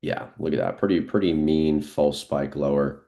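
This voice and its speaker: A very deep-voiced man speaking at an ordinary pace gives live market commentary on his trading stream. Nothing is scripted; he just thinks aloud casually, filling gaps frequently.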